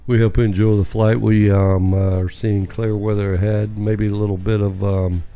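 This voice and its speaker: A man's voice: lowish voice, little pitch movement, dull audio, lightly acted. A man playing a drunk airline captain who rambles and stalls, in a comic improvised sketch. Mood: rambling. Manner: slurred, halting, full of ums and uhs.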